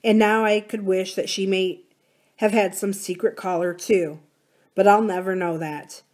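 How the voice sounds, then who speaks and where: Woman reading as a soft-spoken wise old man. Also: mid-range voice, fairly even intonation, natural voice. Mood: confiding. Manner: soft, slow and musing. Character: wise, gentle older man, reflective.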